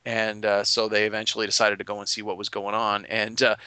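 Crisp-voiced game master, casual recap. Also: male voice, lowish voice, completely flat delivery, brisk, sharp tone, no room sound. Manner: rambling, many restarts and fillers.

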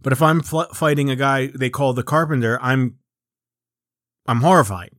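A man in his forties rambles through a comedic casual chat, profane and self-mocking, restarting often and riffing. His voice is medium-pitched and fairly bright, at normal speed, captured with clean studio sound and no echo.

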